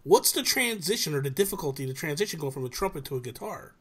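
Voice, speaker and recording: A man on a podcast chats casually and reacts quickly with exclamations. His voice is animated and swings in pitch, with a breathy, husky edge. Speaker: podcast host. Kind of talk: casual chat.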